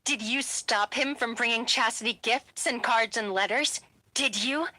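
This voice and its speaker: A woman voicing a furious young male werewolf alpha who speaks in a sharp, commanding way. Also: a little high, unhurried, dry recording. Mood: angry.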